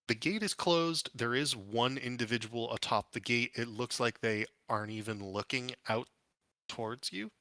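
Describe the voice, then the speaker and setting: A man's voice: medium pitch, sharp tone, no room sound. A man narrating as dungeon master, describing scenes with frequent fillers and restarts. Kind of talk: narrating a tabletop game.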